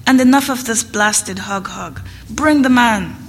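A woman voicing a shrewd, commanding shopkeeper woman, loud and sharp. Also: a little high, expressive, takes it slowly, soft background music, full character voice. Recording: reverberant room, faint background noise.

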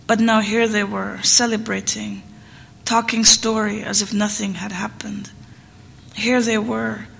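A woman reading literary fiction aloud in a hall, measured and rhythmic. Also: medium pitch, vocal fry, a bit bright. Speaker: reader. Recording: long hall reverb, faint noise.

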